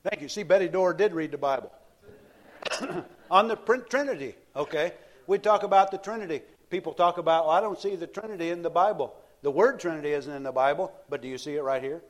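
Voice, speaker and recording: Storytelling preacher with a raised voice. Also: male voice, on the high side, brisk. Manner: storytelling, repeats words and restarts phrases. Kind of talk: sermon.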